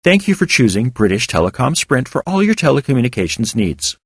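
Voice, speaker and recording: A man's voice: medium pitch, big pitch swings, fairly quick, breathy edge, no echo, studio quality, pitched above the performer's own voice. A man voicing a chipper automated phone switchboard with cheerful, scripted politeness in a fiction reading. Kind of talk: audiobook character voice.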